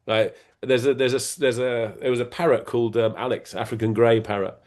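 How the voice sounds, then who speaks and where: A man's voice: mid-range voice, steady tone, normal speed, few pauses, darkish tone. A middle-aged man as an interview guest, explaining ideas in a rambling, playful way with many restarts and fillers. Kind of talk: casual conversation.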